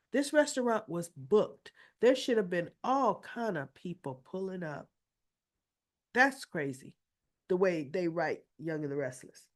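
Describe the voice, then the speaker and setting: A woman hosting a casual soap opera recap, chatty and opinionated, acting out the characters' lines and sounding a little winded. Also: fairly low pitch. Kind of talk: casual retelling of episodes.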